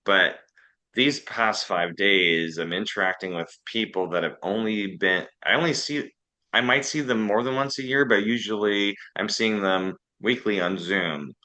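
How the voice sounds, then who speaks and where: A man's voice: on the low side, a little slow, pushed and bright, poor audio. A man with a Canadian accent in a casual group discussion, telling self-deprecating anecdotes.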